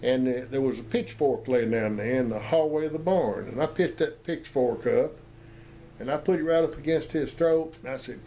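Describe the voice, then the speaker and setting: A man's voice: medium pitch, moderate pace, mellow, a little hiss or hum. An older man, telling family memories in a folksy, rambling way with many fillers. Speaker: storyteller. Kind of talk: recorded family memoir storytelling.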